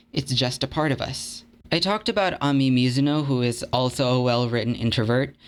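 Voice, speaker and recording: A young man narrating a video essay in an earnest, conversational, slightly self-deprecating way. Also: medium pitch. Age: young adult.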